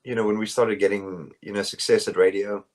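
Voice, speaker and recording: A South African man, a band's bassist, answering interview questions in a rambling, casual way with many fillers and restarts over a phone call. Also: steady tone, a little fast.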